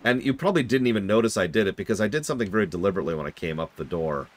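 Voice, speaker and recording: A man's voice: on the low side, expressive, very fast. A man streaming live, commenting on a game as he plays and joking with chat in a rambling, self-deprecating way. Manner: talks to chat while playing.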